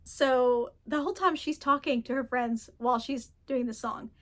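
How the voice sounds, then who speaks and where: A woman's voice: high voice, normal speed, fairly bright tone. A woman in her thirties chatting casually in a book vlog, telling stories and laughing often. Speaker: book vlogger. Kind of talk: casual chat.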